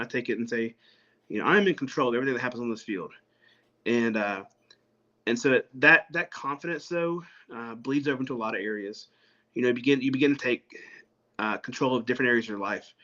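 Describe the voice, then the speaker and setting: A man's voice: mid-range voice, fast, sharp tone, muffled recording. A man, a guest on an interview show, talking in a casual way with many fillers and restarts. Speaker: guest, pastor and umpire.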